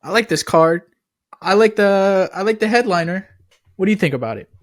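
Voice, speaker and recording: A man's voice: high-pitched, lively intonation, fairly quick. A man co-hosting a podcast, easygoing and leading the questions in casual chat. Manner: easygoing, laughs along, leads the questions. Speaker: podcast co-host.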